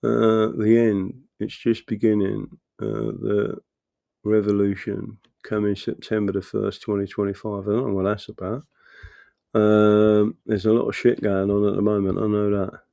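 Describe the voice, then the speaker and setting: A man's voice: on the low side, monotone, normal speed, gravelly, dark tone, no room sound, studio quality. A middle-aged man hosting a casual livestream, rambling and swearing as he chats to viewers and reads their comments. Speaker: livestream host reading chat.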